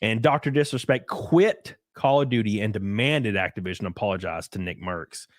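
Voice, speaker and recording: A young man hosting a podcast, chatting casually in an animated, ranting way and mocking others' voices. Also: fairly low pitch, normal speed, no room sound. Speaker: podcast host. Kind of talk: casual opinionated chat.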